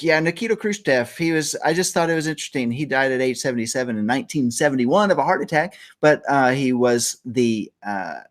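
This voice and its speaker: Middle-aged male host, lively pitch, loose jokey chatter, casual morning show. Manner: jokey, rambling, laughs often.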